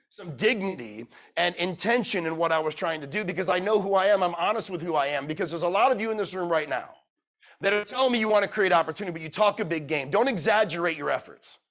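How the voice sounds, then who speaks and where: A man with a high-pitched voice delivers a motivational speech to a room of listeners. He is blunt and profane and keeps firing questions at the crowd. He drops from loud urging into quiet, emotional storytelling. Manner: blunt, swears freely, quizzes the audience. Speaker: keynote speaker. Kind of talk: motivational speech to a live audience.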